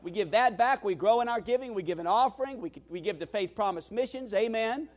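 High-voiced, animated male pastor. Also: brisk. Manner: animated, self-deprecating, frequent restarts and "you know". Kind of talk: sermon storytelling.

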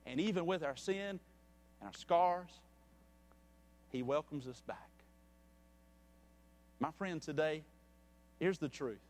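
A man preaching a sermon in a church, reading a story and then pleading earnestly and softly with listeners. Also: on the high side, slow, pauses often. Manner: earnest and pleading, dropping soft.

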